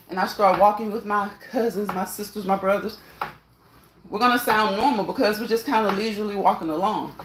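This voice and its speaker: A fitness vlogger with a mid-range female voice talks casually while working out on an indoor machine, slightly winded. She repeats herself, encourages viewers, and laughs often; the low-quality recording is reverberant with a bit of hiss or hum.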